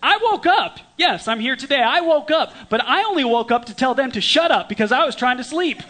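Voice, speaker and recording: A man preaching a storytelling sermon in a conversational way, with dramatic swings from lively to hushed. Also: extremely high pitch, fairly quick. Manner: conversational with restarts.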